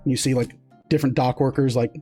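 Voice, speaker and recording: A man's voice: mid-range voice, steady tone, quick pace, warm tone, slightly rough, faint music behind. A man narrating as game master of a tabletop game, casual with lots of fillers and restarts.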